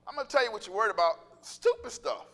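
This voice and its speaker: A man preaching a sermon, animated and joking, acting out little voices and calling out to the congregation. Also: high-pitched, quick pace. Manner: animated, joking, acts out voices, laughs often; calls out to congregation.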